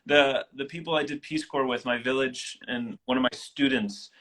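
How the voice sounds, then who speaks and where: A man in his thirties, a guest in an interview, telling personal stories in a casual, animated way. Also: medium pitch, moderate pace, rough recording. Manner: animated, acts out quoted voices.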